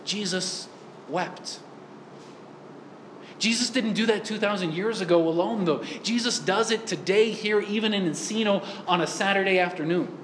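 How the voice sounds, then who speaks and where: A man's voice: high voice, moderate pace, fairly bright tone, roomy sound, slight background noise. A man giving a sermon in a church, earnest and full of rhetorical questions. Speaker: priest.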